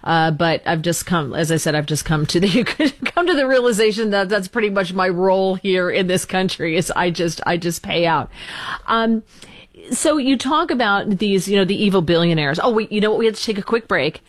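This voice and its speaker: A woman's voice: medium pitch, lively intonation, normal speed, dry recording, clean studio sound. A woman hosting a talk radio show, chatting in an exasperated, self-deprecating way with her guest.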